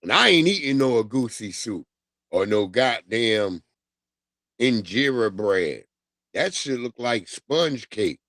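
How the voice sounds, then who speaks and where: A man's voice: medium pitch, takes it slowly, no room sound. Profane New man ranting on livestream. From New York. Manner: loose, profane, laughing, animated storytelling. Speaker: livestream host. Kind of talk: casual livestream rant.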